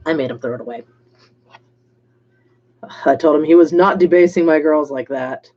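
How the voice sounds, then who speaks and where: A chatty woman hosting a painting livestream, talking casually to her viewers and calling some of them by name. Her voice sits a little low for a woman. The stream audio sounds dull and lo-fi. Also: moderate pace. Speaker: livestream host painting miniatures.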